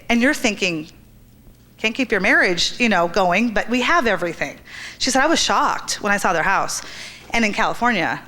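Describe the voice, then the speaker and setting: A woman's voice: medium pitch, sharp tone. Earnest woman giving a church talk. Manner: earnest, storytelling, acts out quotes. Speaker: women's ministry speaker.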